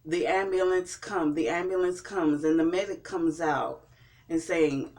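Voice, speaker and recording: A man's voice: on the high side, steady tone, a little slow, a little mellow. A man giving a casual spoken recap and review of a TV episode, often repeating and restarting his words. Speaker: TV show reviewer.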